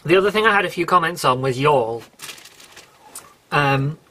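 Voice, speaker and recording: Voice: medium pitch, expressive, normal speed, background noise. Rambling British podcast host. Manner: rambling, self-correcting, apologetic, chatty. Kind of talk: casual solo podcast chat.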